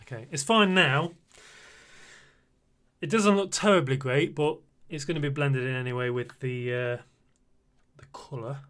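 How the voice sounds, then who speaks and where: Bright-voiced British man in his forties. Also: medium pitch, measured pace, clean tone. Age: 40s. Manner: chatty and flustered, laughing often. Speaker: streamer. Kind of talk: casual live-stream chat.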